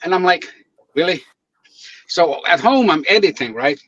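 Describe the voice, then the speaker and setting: Man, casual storyteller, animated, slightly high voice, lo-fi dry recording. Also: fairly quick, no echo. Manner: animated storyteller, acts out quotes, laughs often. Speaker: guest videographer. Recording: dull lo-fi dry sound.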